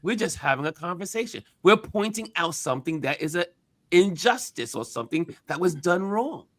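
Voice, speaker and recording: A man hosting a casual talk show, animated and emphatic, acting out quotes as he makes his points. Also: sits high, normal speed, dry recording. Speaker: host.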